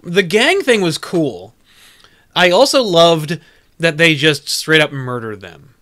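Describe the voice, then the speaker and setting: Casting note: young man, fairly high and bright, casual chat, swears a lot, restarts often. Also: slow pace. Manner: profane, excitable, stumbling restarts.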